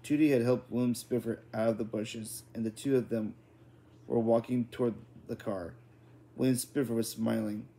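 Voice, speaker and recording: A man's voice: medium pitch, fairly even intonation, normal speed, mellow. A man reading a children's book aloud in an unpolished style, often restarting and correcting words. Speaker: reader.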